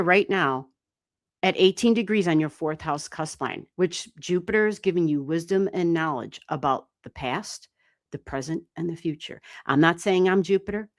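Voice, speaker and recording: A woman giving casual, animated astrology readings on a livestream, chatting and swearing lightly as she goes. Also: fairly low pitch, dry recording, studio quality. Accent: US Midwestern. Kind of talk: casual live-stream reading.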